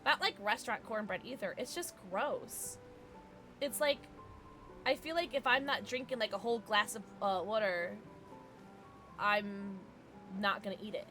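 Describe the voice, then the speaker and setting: A woman's voice: mid-range voice, normal speed, long pauses, bright, forceful tone, soft background music. A woman streamer chatting casually with her live viewers, giggling often as she reacts to the chat.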